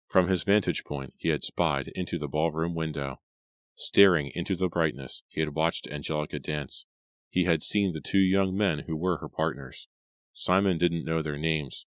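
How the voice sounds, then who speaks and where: A man reading a horror audiobook in a measured, steady narration. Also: very deep voice, no room sound, clean studio sound. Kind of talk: scripted narration.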